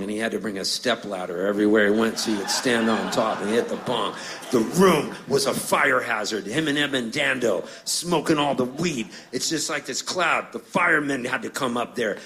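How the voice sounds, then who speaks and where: A man's voice: mid-range voice, moderate pace, fairly bright tone, low-quality recording. A middle-aged singer-songwriter telling playful, rambling stories between songs on a live stage, laughing as he goes. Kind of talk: onstage storytelling.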